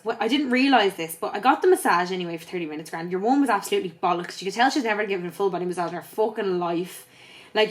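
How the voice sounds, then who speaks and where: This is a young woman vlogging in a casual, chatty way, worn out and a little subdued. She tells a story with plenty of swearing and fillers, and her voice sits at a middle pitch. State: tired. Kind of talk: casual chat.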